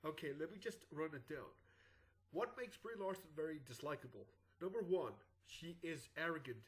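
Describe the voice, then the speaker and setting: Sick and groggy with clogged sinuses, a YouTube host rambles through casual morning commentary, full of "uh"s and restarts. His voice is on the high side, and the recording quality is low.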